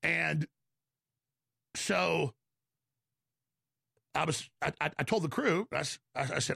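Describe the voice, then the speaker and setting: A middle-aged man hosting a talk show, telling a long, heated story in a rambling, rapid-fire way. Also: fairly high pitch, creaky, sharp tone, breathy edge, dry recording, studio quality. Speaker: show host.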